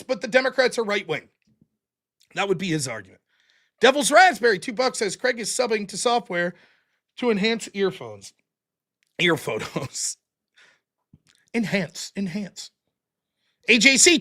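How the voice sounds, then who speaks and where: Bright, lively male streamer. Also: high-pitched. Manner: rattles off donor names and amounts, dry quips. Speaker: streamer host reading donations. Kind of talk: casual livestream chat.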